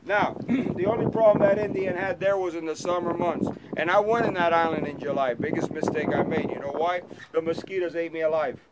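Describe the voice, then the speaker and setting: Joking airboat guide over loud wind. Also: male voice, a little high, brisk, few pauses. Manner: playful, teasing, storytelling. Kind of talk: joking guided tour talk to passengers. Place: outdoors on a moving airboat in wetlands. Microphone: 360 camera mounted on the boat.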